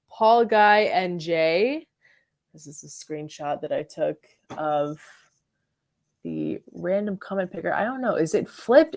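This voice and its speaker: A woman's voice: on the low side, a little mellow. A woman hosting a casual fragrance livestream, chatting loosely and answering viewers' comments with frequent "like" and "um". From Florida. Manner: chatty, reads and answers live chat, frequent likes and ums.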